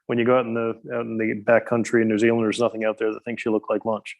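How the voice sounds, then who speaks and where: A middle-aged man, talking as a podcast guest. His voice sits low and barely moves in pitch. He rambles and hesitates, leaning on lots of ums and uhs. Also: completely flat delivery, fast. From Newfoundland, Canada. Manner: rambling, hesitant, many fillers. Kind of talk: casual interview chat.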